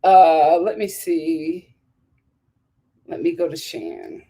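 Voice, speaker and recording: A woman hosting a casual live stream, reading viewer comments aloud and reacting with opinionated chatter, laughs and sudden high squeals of surprise. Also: slow pace, gravelly, mellow. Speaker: live stream host reviewing a reality show. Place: home in a hot city.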